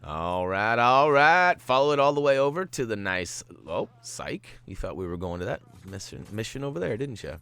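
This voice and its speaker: A man's voice: fairly low pitch, sing-song, moderate pace, few pauses, a bit bright, smooth. A man hosting a video game walkthrough, giving tips in a playful, jokey way with goofy asides. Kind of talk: gameplay commentary.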